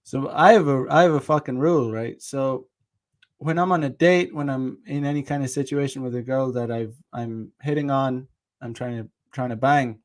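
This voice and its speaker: A man's voice: mid-range voice, moderate pace. Rambling man telling a dating story. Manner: rambling, restarts, swears, laughs at his own story; reads out viewer comments. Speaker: dating channel host. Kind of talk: casual monologue with reenacted dialogue.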